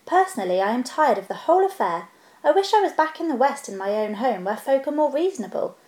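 A woman voicing a small, earnest male hobbit who talks with prim, businesslike courtesy and a slight squeak. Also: very animated, quick pace, a little mellow. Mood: polite, earnest. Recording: roomy echo.

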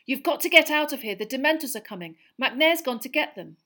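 A woman voicing a brave teenage boy who speaks urgently, her voice raised higher than her narration. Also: animated, quick pace, pushed and bright.

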